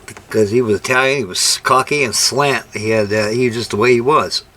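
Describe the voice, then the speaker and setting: A man's voice: mid-range voice, fairly even intonation, a little fast, sharp tone. An older man chatting casually while building a scale model, telling rambling folksy stories. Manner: rambling, folksy anecdotes with ungrammatical turns. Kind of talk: casual workshop chat and storytelling.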